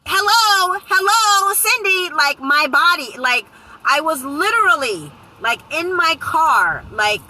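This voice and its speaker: Woman vlogger, phone mic, bright and a bit high, animated and profane storytime. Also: slow pace, slight background noise, poor audio. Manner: animated, profane, slips into loud quoted voices. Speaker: vlogger reading live comments. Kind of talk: casual storytime chat.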